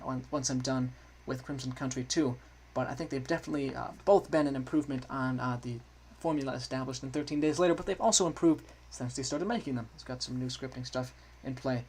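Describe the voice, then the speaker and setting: A man giving chatty, self-correcting commentary while playing through a game, quickly getting excited. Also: medium pitch, husky. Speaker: gaming video creator. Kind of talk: let's play commentary.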